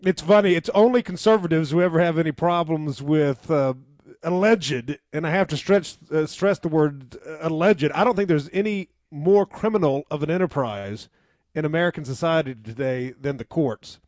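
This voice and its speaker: A man speaking as a guest on a talk radio show, wry and measured. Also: on the high side, darkish tone, dry recording, studio quality.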